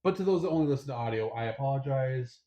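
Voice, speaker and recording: A man's voice: mid-range voice, animated, fast talker, mellow. A young man co-hosting a casual podcast chat, teasing his friend in a playful manner. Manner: playful, teasing, puts on voices in anecdotes. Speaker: podcast co-host.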